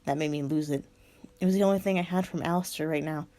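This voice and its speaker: A woman reading her own fan fiction aloud in the first person, in a slow, subdued manner. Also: sits low, warm tone.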